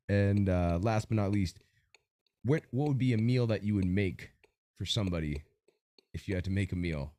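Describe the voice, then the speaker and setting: A man hosting a podcast interview over a video call, with an energetic, announcer-like delivery. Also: fairly low pitch, moderate pace, pauses often. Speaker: podcast host. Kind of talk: hype-style interview hosting.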